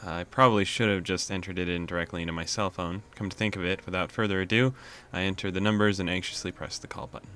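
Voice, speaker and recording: A man's voice: low-pitched, steady tone, fast, few pauses, pushed and bright. A man hosting a let's play, casually reading a visual novel's narration aloud with amused asides.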